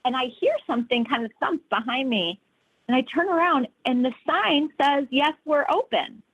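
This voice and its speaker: Woman interview guest; animated storyteller with a fairly high voice. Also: normal speed, husky, phone-quality sound. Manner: animated, voice jumps high when re-enacting moments. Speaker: interview guest, business founder.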